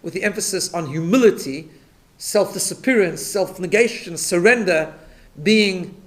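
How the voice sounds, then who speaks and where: A man, a rabbi, teaching a Torah class, explaining step by step and often checking in with his listeners. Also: high-pitched. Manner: repeats words when restarting.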